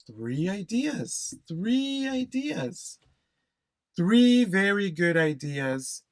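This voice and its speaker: Slow, deliberate male test instructor. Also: mid-range voice, no room sound. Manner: slow, emphatic, repeats key phrases, checks with "okay?". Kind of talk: recorded exam-prep lesson.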